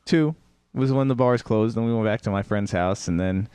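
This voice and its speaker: A man's voice: on the low side, normal speed, mellow, smooth, no room sound. A tired man on a casual podcast, sheepishly rambling through a story about a late night. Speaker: podcast co-host.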